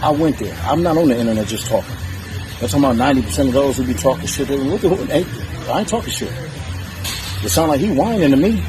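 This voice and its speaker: Brash man, cursing trash-talk rant, mid voice, backing music clearly audible. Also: mid-range voice, lively intonation, rapid-fire. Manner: profane, boastful and defiant. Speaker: challenger in a strength feud. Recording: music playing under the voice.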